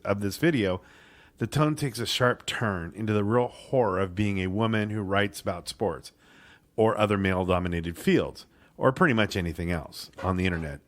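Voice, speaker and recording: A man's voice: lowish voice, normal speed. A man co-hosting a casual sports podcast, swearing freely and stumbling over words as he reads an article aloud. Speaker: podcast co-host.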